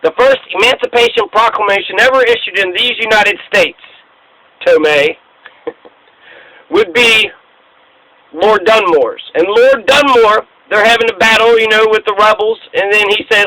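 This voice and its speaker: A man's voice: high-pitched, unhurried, sharp tone, low-quality recording. A man hosting a casual history talk, speaking in a profane, emphatic rant. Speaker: host.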